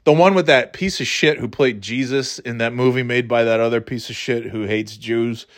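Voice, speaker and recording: A man's voice: medium pitch, moderate pace. A man hosting a podcast, chatting casually about movies in a rambling, profane way, acting out scenes in mocking voices. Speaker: podcast host.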